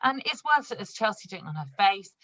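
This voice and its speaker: A woman's voice: mid-range voice, expressive, a little fast, a bit bright, dry recording, lo-fi sound. A woman running an online training session for new consultants. She talks in a chatty, upbeat way, laughs often and shows products as she explains them. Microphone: video call.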